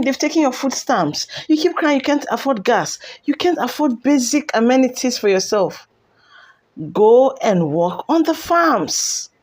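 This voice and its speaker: A woman's voice: fairly high pitch, darkish tone. A woman hosting a commentary channel, scolding and mocking with lots of repetition. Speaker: commentary host. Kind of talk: opinionated commentary.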